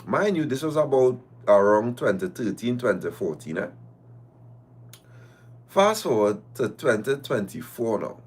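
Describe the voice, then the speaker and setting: A man's voice: medium pitch, very animated, a little slow, breathy edge. A man, hosting a live stream and reading a listener's story aloud in the first person, breaking in with teasing asides.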